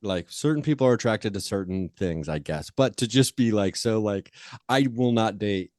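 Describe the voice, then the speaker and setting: Male podcast host, very low pitch, casual rambling chat, lots of um and uh, dry recording. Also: expressive, normal speed, a little mellow, no echo. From Ohio. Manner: rambling, many fillers and restarts.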